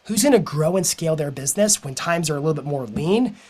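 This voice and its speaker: A man who is a business coach, giving an energetic, persuasive motivational talk to a live audience and telling stories along the way. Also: on the high side, fast.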